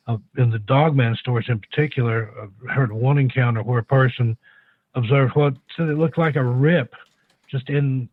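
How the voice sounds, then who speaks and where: Male radio guest over a tinny phone line, musing, halting. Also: mid-range voice, no room sound. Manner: thoughtful, hesitant, many restarts and fillers. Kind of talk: call-in radio interview.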